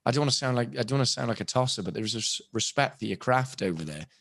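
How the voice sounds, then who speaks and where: A young British man talks openly and chattily in a casual podcast interview, often restarting his sentences. His voice sits at a middling pitch and the sound is dry and close, with no room around it. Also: animated, rapid-fire, creaky, a bit bright, dry recording. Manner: chatty, candid, many restarts and asides. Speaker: voice actor and impressionist, podcast guest. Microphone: podcast microphone.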